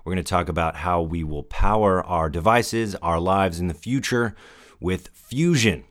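Male podcast host, very low voice, chatty and upbeat. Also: unhurried. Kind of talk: casual solo podcast talk.

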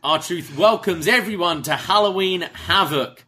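A man with a British accent softened by years in Canada, co-hosting a casual podcast and lively acting out quotes as he recaps a show. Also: high-pitched, a little slow, breathy edge. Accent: British with Canadian mix. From Britain. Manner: lively storyteller, acts out quotes. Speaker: podcast co-host.

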